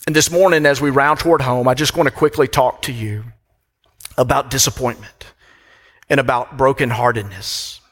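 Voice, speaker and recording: The long reverb of a church hall surrounds a middle-aged pastor preaching from the pulpit of the sanctuary. His medium-pitched voice is fairly bright, with fairly even intonation at normal speed. He preaches emphatically, repeating phrases for weight.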